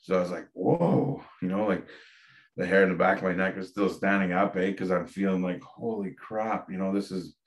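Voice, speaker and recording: A man's voice: low-pitched, little pitch movement, fast talker. A man, a podcast guest candidly telling a personal story with frequent fillers and restarts. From Ontario, Canada.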